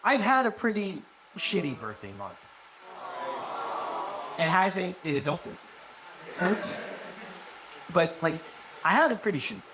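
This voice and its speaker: A man's voice: high voice, very animated, unhurried, long pauses. A man in his twenties doing a live stand-up set, rambling and profane, laughing at his own jokes. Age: 20s. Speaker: stand-up comedian. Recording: noisy live venue recording.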